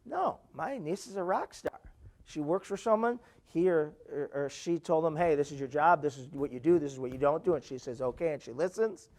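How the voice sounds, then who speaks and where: Brief: male keynote speaker, lively live talk, acts out quotes with jumps in pitch, voice a bit high. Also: brisk. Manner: animated, repeats "right?" to engage the audience.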